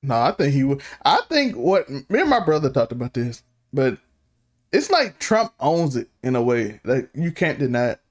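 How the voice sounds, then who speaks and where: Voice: medium pitch, moderate pace. A podcast co-host in casual sports chat, asking blunt questions. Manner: animated, asks blunt questions.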